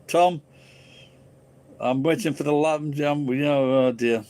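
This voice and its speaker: A man's voice: a little high, takes it slowly, darkish tone, clear, resonant tone. A man hosting a casual live stream, ranting profanely and rambling into crude jokes.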